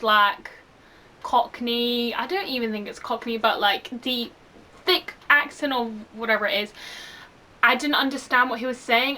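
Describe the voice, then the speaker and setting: A young woman talking casually and animatedly, full of fillers, as she reviews a film for her channel. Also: on the high side. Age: young adult. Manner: gushing and animated.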